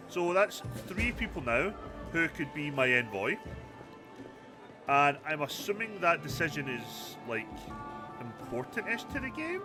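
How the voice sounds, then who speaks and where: A man's voice: mid-range voice, big pitch swings, normal speed, pushed and bright, faint music behind. A man hosting a let's play, chatting casually and thinking aloud, with many small hesitations. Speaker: gaming channel host.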